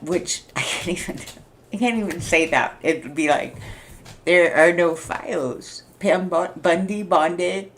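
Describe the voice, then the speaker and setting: Blunt low-voiced woman in her sixties. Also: a little hiss or hum. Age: 60s. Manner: blunt, swearing, laughing, frustrated. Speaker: vlogger. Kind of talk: casual rambling monologue.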